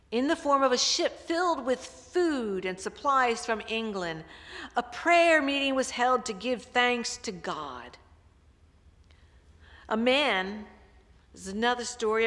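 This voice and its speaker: Slow-speaking woman pastor in an echoey church. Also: a little high. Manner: storytelling, swelling louder for emphasis. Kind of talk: sermon.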